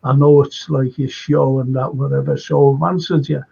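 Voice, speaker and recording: A man's voice: mid-range voice, flat delivery, moderate pace, gravelly, warm tone, slightly rough, lo-fi sound. An older man with a Liverpool accent, a retired lecturer chatting as a guest in a rambling, emphatic way that keeps repeating phrases. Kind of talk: casual conversation.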